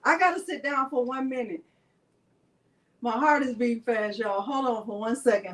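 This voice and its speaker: A woman's voice: a little high, normal speed. A middle-aged woman hosting a crafting livestream, gushing and exclaiming to viewers as she runs a prize drawing. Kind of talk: excited live stream chat. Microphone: desk microphone.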